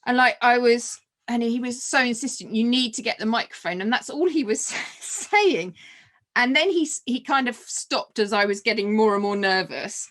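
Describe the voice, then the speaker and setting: Animated woman telling a story. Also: fairly high pitch, moderate pace. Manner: animated, laughs often, many restarts and fillers. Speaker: guest. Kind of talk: personal storytelling in a conversation.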